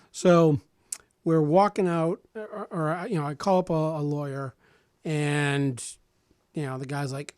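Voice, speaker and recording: In a dry, studio-quality recording, a slightly high-voiced man in his forties shares a personal story as casual radio talk. He's animated, acts out what others said, and keeps restarting and repeating words.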